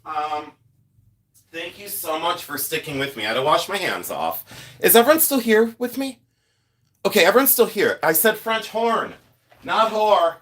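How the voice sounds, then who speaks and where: A middle-aged man with a high, somewhat bright voice hosts a casual livestream about his jewelry collecting. He's chatty and rambling, sounds congested from his sinuses, and often thanks his viewers.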